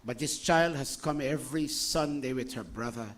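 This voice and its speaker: A man's voice: medium pitch, moderate pace. A man, giving an informal sermon to his congregation with rhetorical questions, jokey asides and scolding. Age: 60s. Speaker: spiritual teacher.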